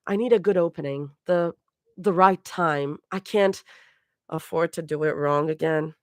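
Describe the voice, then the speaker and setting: A woman's voice: low voice, measured pace, no room sound, studio quality. A woman reading a fan story aloud, voicing an exasperated, snarky young woman.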